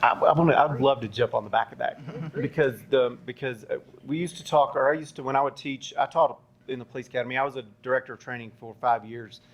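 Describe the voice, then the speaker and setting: A man's voice: medium pitch, fast talker. Rambling man telling a story on a panel. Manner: rambling, many ums and rhetorical "right?". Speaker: panelist, former police academy trainer. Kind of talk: storytelling at a live panel discussion. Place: university event space. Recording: dull lo-fi sound.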